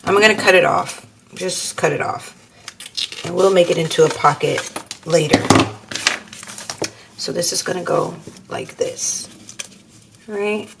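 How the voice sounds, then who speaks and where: A woman's voice: lowish voice, measured pace, gravelly, long pauses, heavy background noise. A woman hosting a craft tutorial, chatting casually and thinking aloud as she works, calling her viewers y'all. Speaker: crafting channel host.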